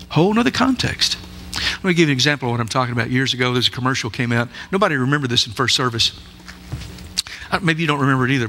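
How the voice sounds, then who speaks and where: Bright-voiced preacher giving a sermon. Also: male voice, mid-range voice, a little hiss or hum. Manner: emphatic, asks the listeners many rhetorical questions. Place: church sanctuary.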